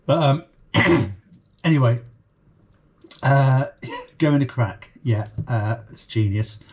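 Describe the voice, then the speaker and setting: A man's voice: medium pitch, slow pace, a little mellow, husky. A man from Essex casually reviewing a comedy clip, rambling with many fillers and chuckles. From Essex, England. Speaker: reaction video host.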